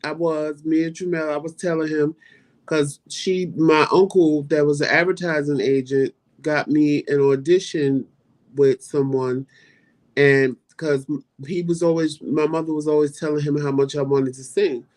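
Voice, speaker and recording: A man co-hosting a casual chat and telling a story with animated, dramatic flair and playful asides. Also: a little high, normal speed. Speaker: co-host.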